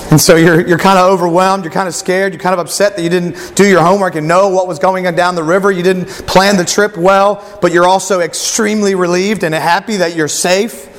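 A man's voice: high voice, steady tone, fairly quick, hardly any pauses, long reverb tail, slight background noise. A male pastor preaching a sermon, telling a story and acting out its voices.

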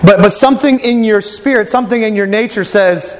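A man's voice: extremely high pitch, fairly quick, few pauses, in a large hall. A male pastor preaching a sermon, telling a story and acting out its voices.

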